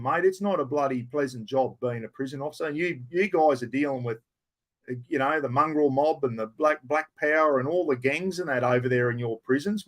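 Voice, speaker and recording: A middle-aged Australian man hosting a casual live stream, answering viewer questions in a blunt, rough-spoken, matey way. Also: a little high.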